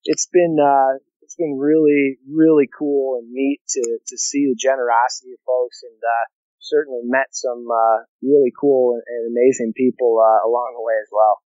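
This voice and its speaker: Interviewed casually over a remote connection, a male long-distance canoeist answers in a relaxed way, full of fillers and restarts. He has a medium-pitched, dark voice with a flat delivery at normal speed, and the dry call audio sounds dull and lo-fi.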